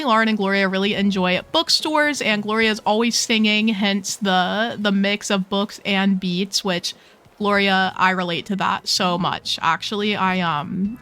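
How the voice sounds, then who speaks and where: A woman's voice: medium pitch, a bit bright. A young woman hosting a casual video game tour, gushing and playful with lots of slang. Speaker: host touring game islands. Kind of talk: casual gameplay commentary.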